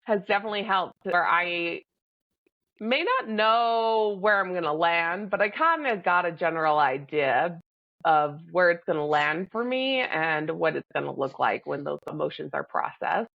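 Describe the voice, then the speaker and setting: A woman co-hosting a podcast, talking in a measured, reflective way about handling emotions. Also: lowish voice, expressive, creaky, no echo, dull audio. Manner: measured and reflective, pausing to breathe. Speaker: podcast co-host. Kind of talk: casual reflective chat.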